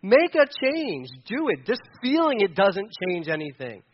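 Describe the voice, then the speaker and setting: Pastor, man in his thirties, high voice, passionate and conversational sermon, dull lo-fi sound. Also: wildly swooping pitch, measured pace.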